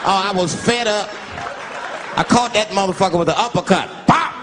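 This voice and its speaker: A man doing a stand-up comedy routine on stage, telling animated stories and jumping into loud, high voices for the people in them. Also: moderate pace, big-room sound. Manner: animated storytelling with shouted, high put-on voices. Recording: live stand-up with noisy crowd ambience. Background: audience laughter.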